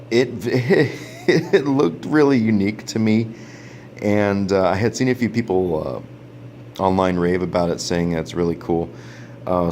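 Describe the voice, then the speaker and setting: A man with a low, deep voice talks through a gadget review in an unpolished, casual way. He meanders with many fillers and restarts and chuckles often as he goes. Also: darkish tone, a little hiss or hum. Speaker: product reviewer.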